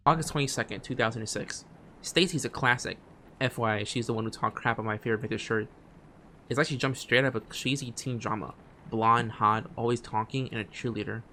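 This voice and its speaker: A man streaming a game, reading its text aloud, often stumbling and restarting phrases and dropping quiet asides. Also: mid-range voice, a little fast, a little hiss or hum. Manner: drops quiet asides between read lines.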